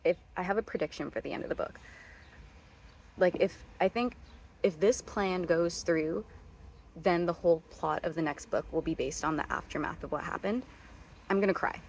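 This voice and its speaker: Vlogger, woman, 20s, lowish voice, excitable and dramatic chat over faint background hiss. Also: normal speed. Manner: gushing, dramatic, often whispering. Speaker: reading vlogger. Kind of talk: casual vlog chat.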